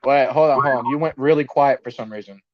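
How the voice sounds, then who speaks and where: A man's voice: mid-range voice, quick pace. A young man hosting a casual podcast livestream, nervous and laughing as he reads out viewer comments. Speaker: podcast host. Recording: dull, lo-fi dry sound.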